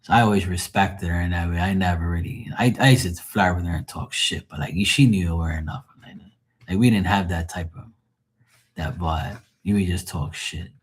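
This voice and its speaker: This late-night tarot streamer has a husky voice that sits low, speaking at normal speed. He spins rambling, profane stories live and often cracks himself up.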